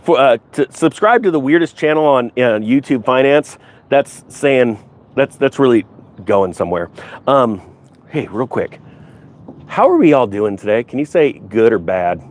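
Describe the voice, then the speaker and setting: A man's voice: medium pitch, sing-song, a little slow, a little mellow. A middle-aged man hosting a casual finance commentary, chatting to viewers in a rambling, jokey way that jumps between topics. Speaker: finance YouTuber host. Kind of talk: casual commentary to a live chat.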